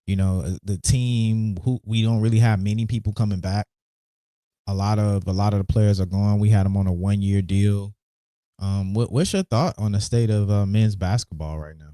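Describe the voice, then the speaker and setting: A man's voice: lowish voice, fairly even intonation, normal speed, dark tone, no echo, studio quality. A man hosting a casual sports podcast, laid back, repeating words and restarting often. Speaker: podcast host.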